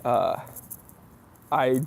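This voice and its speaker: Man, gravelly voice, casual live stream host, reads out comments, chatty, lots of ums. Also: medium pitch, very slow. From near New York. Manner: reads viewer comments aloud, chatty with many fillers.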